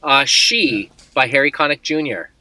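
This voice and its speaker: A man's voice: mid-range voice, moderate pace, pushed and bright, no echo. A man co-hosting a casual podcast chat, joking dryly and laying out the rules of a word game. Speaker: podcast co-host.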